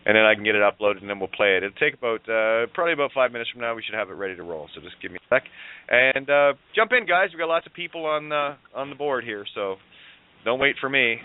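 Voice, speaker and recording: A man's voice: medium pitch, expressive, fast talker, smooth. A man hosting a live call-in radio show, coaching his callers and laughing with them. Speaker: host of an online radio show. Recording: tinny phone-like line with faint noise.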